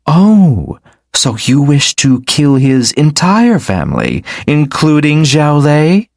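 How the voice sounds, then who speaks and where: A man voicing a mysterious, alluring woman who speaks slowly and sweetly with a mocking edge. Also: mid-range voice, animated, darkish tone, no echo, studio quality, pitched above the performer's own voice. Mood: teasing, sly.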